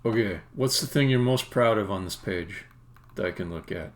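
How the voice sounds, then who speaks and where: A man's voice: lowish voice, lively intonation, normal speed. A man streaming game development at his desk, musing aloud casually as he works. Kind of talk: casual live-stream commentary.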